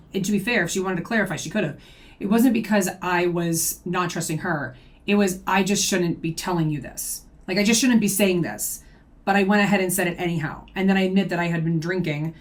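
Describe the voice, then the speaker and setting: A woman reacting to a video, defending herself point by point in casual commentary. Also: fairly low pitch.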